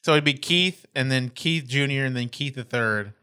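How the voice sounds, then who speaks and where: A man's voice: medium pitch, normal speed, bright, forceful tone, clear, resonant tone. A playful man in casual podcast banter who laughs easily. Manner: playful, laughs often, tries silly voices.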